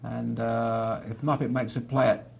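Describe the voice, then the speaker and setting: Talk the hands through like a poker commentator. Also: male voice, medium pitch, level tone, unhurried, creaky, very noisy. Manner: chatty, dry teasing asides.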